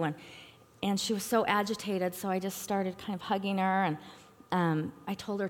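A middle-aged woman giving a personal testimony at a church talk, earnest and halting, with frequent fillers. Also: mid-range voice, steady tone. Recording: long reverb in a hall.

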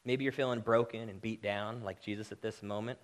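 This sermon comes from a man whose voice sits on the low side, with fairly even intonation and a slightly fast delivery. Impassioned and direct, he climbs to loud, emphatic peaks before falling back to quiet, earnest lines.

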